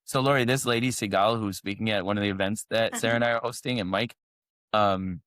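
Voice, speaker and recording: The recording is dry and clean studio sound: a man with a fairly low pitch and fairly bright tone talks fast but keeps his tone steady. As a podcast co-host he chats casually, spinning a rambling story riddled with fillers and restarts.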